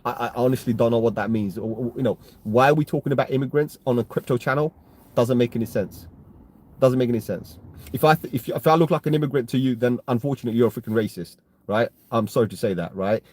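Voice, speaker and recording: Heated rambling British man, dark husky voice. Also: mid-range voice, fast. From United Kingdom. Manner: rambling, repeats "right?" and restarts, gets heated. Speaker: crypto livestream host. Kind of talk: casual live-stream talk to chat.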